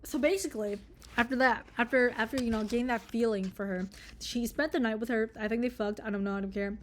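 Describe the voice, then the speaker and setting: A woman's voice: on the high side, fairly even intonation, fast, a little hiss or hum. A young woman reviewing a book in a casual vlog, ranting, sarcastic and swearing freely. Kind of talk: casual book review with read-aloud passages.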